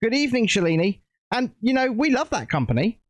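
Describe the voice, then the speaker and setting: A man's voice: very high voice, very animated, a little fast, dry recording. A British man hosting a casual livestream, chatting and rambling while building a set at home. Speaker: livestream host.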